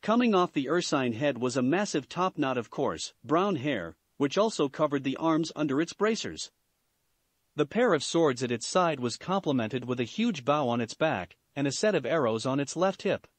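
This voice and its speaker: Lively-voiced man reading fan fiction. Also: on the high side, normal speed, dry recording. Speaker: story reader.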